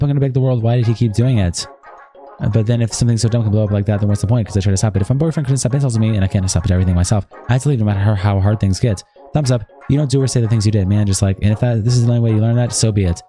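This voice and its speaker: A man on a livestream reads out a quarrel straight from a document. His voice sits low and mellow, and he rattles through the lines at great speed, swearing as he goes. Soft music plays faintly behind him. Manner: rapid, run-on reading with heavy swearing. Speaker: streamer. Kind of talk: reading an argument aloud from a document.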